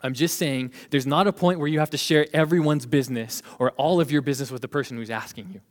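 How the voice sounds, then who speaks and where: A young man in his twenties preaching a lively sermon as a youth pastor, laughing now and then and acting out what people say. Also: mid-range voice, fast talker. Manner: animated, laughs while preaching, acts out quoted voices. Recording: long hall reverb.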